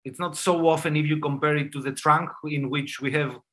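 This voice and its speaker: Bright, playful man hosting a quiz. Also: on the high side, fairly even intonation, a little fast. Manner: playful, laughs between answers. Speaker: quiz host and dermatologist. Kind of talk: hosting a live online quiz.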